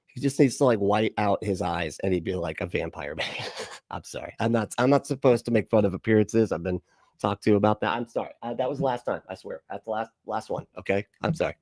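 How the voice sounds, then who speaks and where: A man's voice: on the low side, a little fast, darkish tone, dry recording, studio quality. A man hosting a livestream, reacting to a video with sarcastic, profane commentary and frequent laughter. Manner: sarcastic, profane, laughs often, mocking voices.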